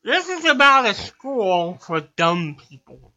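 A man's voice: sits high, sing-song, pushed and bright, dull audio. A man, a guest comedian, telling long jokes in a studio chat and dropping into character voices for the punchlines. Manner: drawn-out joke delivery with character voices. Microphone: studio microphone.

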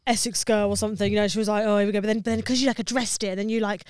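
A woman's voice: mid-range voice, level tone, very fast, darkish tone, clean tone, dry recording, studio quality. A woman comedian with a Southern English accent telling stories eagerly on a podcast and running herself down. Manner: eager, self-deprecating storyteller. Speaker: comedian guest. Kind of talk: casual podcast chat.

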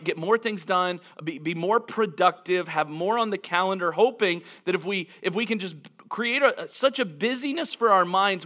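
Man, pastor, sermon, earnest, reflective, slightly high voice. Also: pushed and bright. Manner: earnest, reflective, with frequent restarts and dramatic slowdowns.

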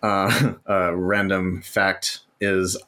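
A man's voice: sits low, little pitch movement, very slow, sharp tone. A man co-hosting a casual podcast about movies, laid-back and slangy, swearing now and then. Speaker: podcast co-host.

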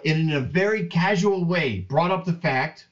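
A man hosting a Bible podcast, talking slowly in a casual, rambling way, with many restarts. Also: fairly high pitch, highs cut off. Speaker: podcast host. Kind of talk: casual Bible teaching monologue.

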